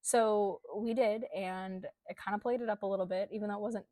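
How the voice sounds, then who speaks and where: A woman's voice: medium pitch, steady tone, brisk, dark tone, dry recording. A young adult woman telling a personal story in a candid, conversational way, with frequent ums and likes. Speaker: coach.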